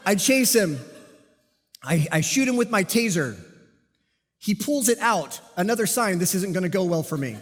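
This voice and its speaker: A man delivers a sermon in a church sanctuary, shaping a personal story with animated timing and dry jokes at his own expense. His voice sits a bit high for a man. Long reverb from the hall trails behind each phrase. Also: normal speed. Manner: animated storytelling with self-deprecating humor. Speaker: pastor and police officer.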